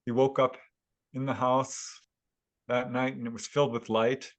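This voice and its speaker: Man, podcast guest, storytelling, even pitch, chuckles between lines. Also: measured pace. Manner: animated retelling with chuckles. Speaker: guest author and UFO investigator. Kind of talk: casual interview storytelling.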